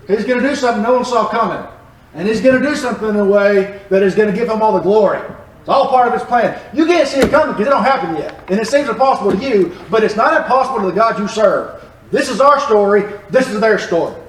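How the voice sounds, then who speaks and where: A man teaching a Bible lesson in a church, animated and joking as he explains the text. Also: high voice. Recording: echoey room, distant mic.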